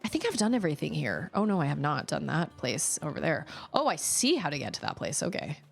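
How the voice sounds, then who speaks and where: A young woman talking casually with her chat while playing a video game, chatty and animated. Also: low-pitched, brisk, creaky. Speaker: streamer. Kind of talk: casual live-stream chat while gaming. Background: faint game music.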